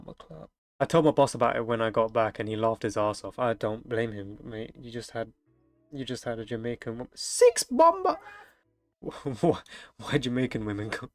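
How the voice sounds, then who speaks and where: A young man reads delivery-driver stories aloud from the internet and breaks in with crude, joking reactions. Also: mid-range voice. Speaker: streamer reading online stories. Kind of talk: reading aloud with comedic commentary.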